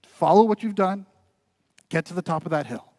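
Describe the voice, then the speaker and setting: Man playing a hushed, steady dad, slightly raised voice, dry close sound. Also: sits high, normal speed, no room sound, lightly acted. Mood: reassuring. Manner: soft, quiet and calm. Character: gentle, reassuring father of a young boy.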